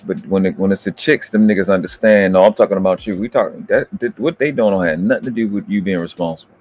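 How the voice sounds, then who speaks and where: A man hosting a debate review, ranting in heated, profane commentary that berates and swings up into shouting. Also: low-pitched, fast talker.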